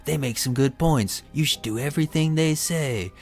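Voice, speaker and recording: A scheming priest, as a man puts him on who coaxes softly into his master's ear. The voice stays quiet and ingratiating. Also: on the high side, normal speed, soft background music, close to an everyday voice. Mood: coaxing. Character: scheming male priest whispering flattery.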